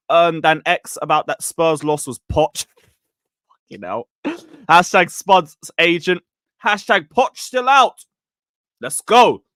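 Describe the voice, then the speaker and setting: A man hosting a casual football livestream, reading out chat and calling for likes. His voice sits a bit high and moves around lively. The sound is dry and close. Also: dry recording. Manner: chatty, reads out chat messages. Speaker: livestream host.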